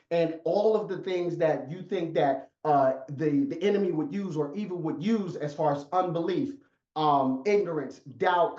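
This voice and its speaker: A man's voice: on the high side, darkish tone. Emphatic male motivational coach on a video call, muffled and roomy. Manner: emphatic, repetitive storytelling. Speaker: life coach. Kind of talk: motivational talk. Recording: echoey, muffled sound.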